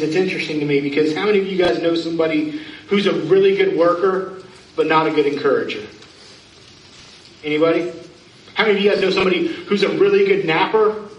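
High-voiced preacher, echoey and distant. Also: male voice, brisk, long pauses, muffled recording, slight background noise. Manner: conversational preaching with questions to the congregation. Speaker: pastor. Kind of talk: sermon. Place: church sanctuary. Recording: echoey room from far off.

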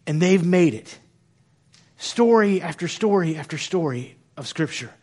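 Pastor, man in his 30s, high voice, lively and chatty from the pulpit with jokes at his own expense. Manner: animated, conversational, self-deprecating humor. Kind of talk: sermon.

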